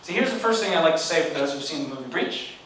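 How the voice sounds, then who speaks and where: A man in his forties giving a storytelling lecture as a guest speaker, animated and conversational with wry humor. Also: a little high, fast talker, slight background noise. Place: large university lecture hall. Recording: echoey hall, distant mic.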